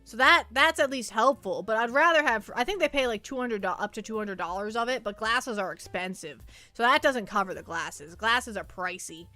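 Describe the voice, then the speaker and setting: A woman's voice: a little high, moderate pace, hardly any pauses, sharp tone, faint music behind. A young woman streaming casually, rambling and stammering with many repeated words. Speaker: virtual streamer. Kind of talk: casual livestream chat.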